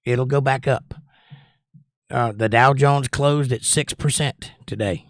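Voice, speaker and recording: A man's voice: mid-range voice, slow pace, dry recording, studio quality. A man hosting a casual livestream, reading viewer comments aloud and rambling between them. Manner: chatty, rambling, reads chat aloud. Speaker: livestream host.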